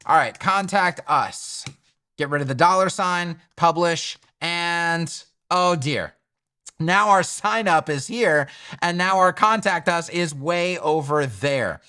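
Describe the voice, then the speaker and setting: A man teaching web design in a casual screen-recorded tutorial, energetic and joking, with emphatic asides. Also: a little high, takes it slowly, smooth.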